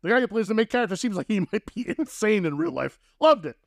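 A man with a high voice co-hosts a sketch-style comedy podcast. He delivers absurd jokes with a deadpan touch. The sound is close and dry, with no room around it. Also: fast, gravelly, dry recording.

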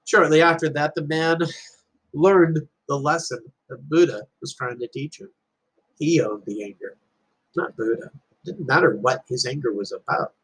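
A father gives life advice in an earnest, reflective motivational talk, using stories and parables to make his point. His voice is a little high and a bit bright with a breathy edge, at normal speed. The audio quality is poor.

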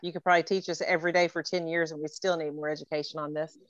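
A playful middle-aged woman hosting a podcast, chatting in a lower-pitched voice and laughing as she teases her guest. The sound is dry and a little dull, like a remote call. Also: flat delivery, rapid-fire, dry recording. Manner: playful, teasing, laughs often. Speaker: podcast host. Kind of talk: casual podcast chat.

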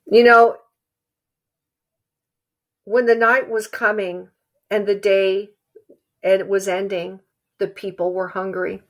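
A woman preaching a sermon in an earnest, halting way, repeating phrases for emphasis. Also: medium pitch, little pitch movement.

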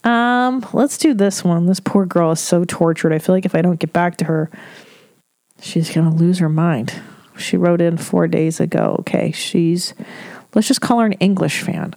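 A woman comedian hosts her podcast in casual chat, dishing out blunt, profane, motherly advice. Her voice sits low and warm. The sound is dry and close. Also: moderate pace, no room sound.

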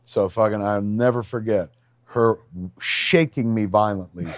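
Profane, excitable man telling stories. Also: on the low side, measured pace, no room sound. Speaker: podcast co-host. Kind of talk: casual chat, storytelling.

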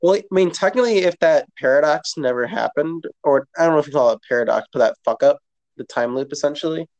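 A man's voice: on the high side, quick pace, a little mellow. Casual rambling man. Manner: loose, profane, rambling with fillers. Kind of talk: casual chat.

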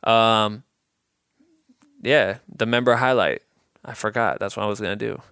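A man's voice: lowish voice, measured pace, creaky, clear, resonant tone, no room sound, studio quality. A young man from Iowa hosting a podcast, telling stories in a rambling, profane, casual way. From Iowa, USA. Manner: profane, rambling, loose and animated. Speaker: podcast host. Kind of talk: casual storytelling monologue.

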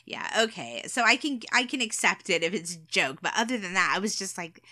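A woman's voice: medium pitch, animated, fairly quick, pushed and bright, dry recording, clean studio sound. A woman chatting casually about a TV show, hesitant, with many fillers and frequent laughter.

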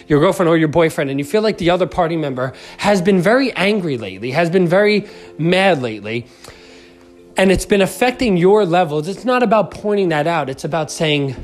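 A man giving a motivational talk on communication, animated and casual, often checking in with the listener. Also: fairly high pitch. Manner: animated, acts out quoted voices, says "right?" often. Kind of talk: motivational self-help talk.

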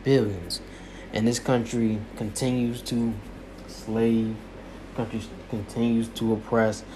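Man, mid-pitched, emphatic commentary with repeated phrases, faint hiss behind. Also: little pitch movement, a little slow. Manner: repetitive, emphatic, preacher-like cadence. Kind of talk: impassioned spoken commentary.

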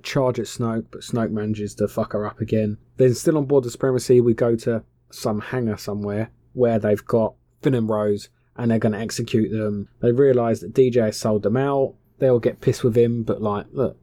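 A man's voice: mid-range voice, mellow, dry recording, studio quality. Sweary man recapping a film. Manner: sweary, slangy, offhand. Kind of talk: casual comic film recap.

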